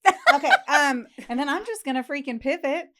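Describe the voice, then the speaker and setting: A woman co-hosting a true crime podcast, chatting casually, with lots of swearing and animated storytelling. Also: high-pitched, fairly quick. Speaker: podcast co-host.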